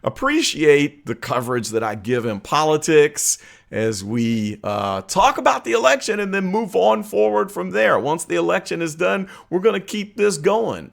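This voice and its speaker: A man hosting his own political commentary vlog, talking earnestly and conversationally with frequent uh and um pauses. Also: fairly high pitch, gravelly. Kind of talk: opinion vlog monologue.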